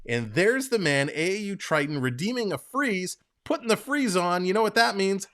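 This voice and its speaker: A man with a slightly high voice hosts a live stream and calls the hockey play by play. He is upbeat and chatty, and he keeps turning to answer viewers in the chat between calls. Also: expressive, normal speed, a bit bright. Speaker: livestream host and play-by-play commentator.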